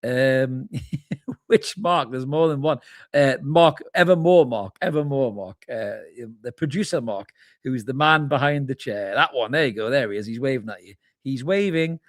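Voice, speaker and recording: This man hosts a live fan reaction stream, talking informally through a match while reading viewers' chat comments aloud and calling them mate. His voice is medium-pitched at a normal speed, recorded in studio quality with no echo.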